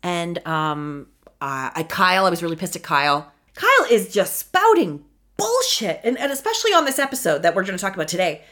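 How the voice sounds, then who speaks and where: A woman hosting a podcast, recapping casually and animatedly, swinging from mumbled asides to loud exclamations. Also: on the low side, sing-song, brisk. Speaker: podcast host.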